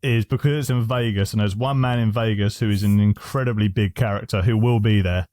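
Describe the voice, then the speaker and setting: A man co-hosting a podcast, telling stories in animated casual chat and laughing often. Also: fairly low pitch, brisk, no room sound. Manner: animated storytelling, laughs a lot, swears. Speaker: podcast co-host.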